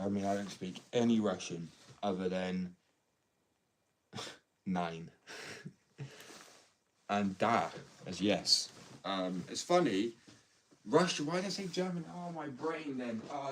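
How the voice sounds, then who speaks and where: A man chatting casually on a live stream from his workshop, rambling, excitable and quick to laugh at himself. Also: on the low side. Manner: rambling, excitable, self-mocking. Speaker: skateboard maker live-streaming to chat. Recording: distant mic, faint noise.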